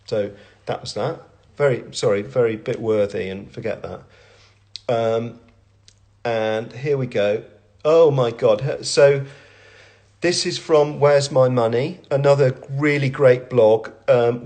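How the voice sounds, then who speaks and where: Middle-aged man, creaky voice, chatty phone live-stream host, meandering and self-deprecating. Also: mid-range voice, darkish tone. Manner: rambling, self-deprecating, chatty with many fillers and restarts. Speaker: brand owner and creative director hosting a live Q&A. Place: at home, with family in the room.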